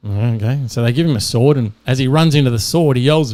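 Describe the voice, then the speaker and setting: A man's voice: mid-range voice, lively intonation, fast, hardly any pauses, darkish tone. A man hosting a podcast, telling jokes animatedly and acting out the characters. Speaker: podcast host. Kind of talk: casual podcast joke telling.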